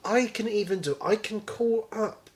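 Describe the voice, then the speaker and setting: A young man, his voice sitting a little high, trades jokes on a podcast. He riffs quickly on absurd theories and asides in a loose, chatty way. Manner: joking, quick to riff on wild theories. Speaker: podcast co-host. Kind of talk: casual chat.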